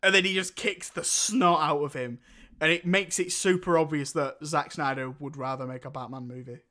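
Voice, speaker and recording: Man, young adult, podcast co-host, casual film review, jokey, slightly high voice. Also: fairly even intonation, normal speed, bright, forceful tone. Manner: laughs often, jokey, mimics film characters.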